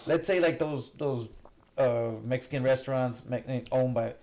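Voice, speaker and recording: Relaxed male podcast host, swears often. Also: mid-range voice, unhurried. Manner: laid-back, swears freely. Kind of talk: casual chat.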